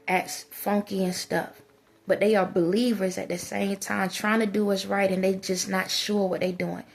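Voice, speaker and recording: A woman's voice: mid-range voice, gravelly. A woman giving a preachy monologue to her viewers as a spiritual advisor, scolding them with emphatic repetition.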